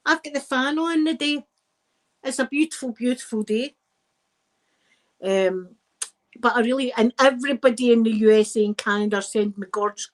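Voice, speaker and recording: A Scottish woman hosting a casual live stream, chatting to her viewers in a rambling, lively way with plenty of asides. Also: a little high, rough recording. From Scotland.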